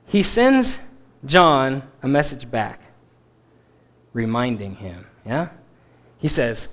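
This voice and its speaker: A man teaching a Bible passage in a sermon, stressing key words emphatically and dropping to quiet asides. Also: medium pitch, very animated, takes it slowly, pauses often. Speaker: preacher.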